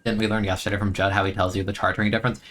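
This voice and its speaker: Man, young adult, streamer, casual game commentary, rambling, chatty, forceful tone. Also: lowish voice, little pitch movement, rapid-fire, soft background music. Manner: rambling, chatty, laughs often.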